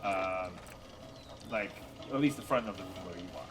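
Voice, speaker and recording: A man's voice: sits low, moderate pace, fairly bright tone. A man running a tabletop game as dungeon master, describing scenes in a rambling way with lots of fillers and restarts. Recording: noisy room recording.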